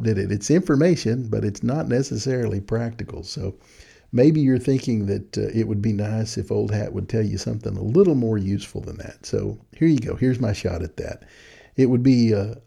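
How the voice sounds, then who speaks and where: Folksy man, low gravelly voice. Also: dark tone. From Texas. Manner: folksy, chuckles at his own points. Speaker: podcast host. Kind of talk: casual spoken reflection. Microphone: studio mic with headphones at a desk.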